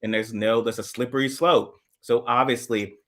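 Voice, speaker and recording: A man co-hosting a casual political chat, rambling with many restarts and trailing off quietly. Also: medium pitch, fairly even intonation, normal speed. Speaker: co-host.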